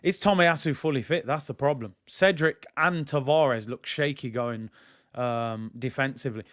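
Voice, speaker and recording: A young man giving excitable, slang-heavy live commentary as he watches a football match, now and then bursting into shouts. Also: mid-range voice, moderate pace. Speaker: football fan streamer.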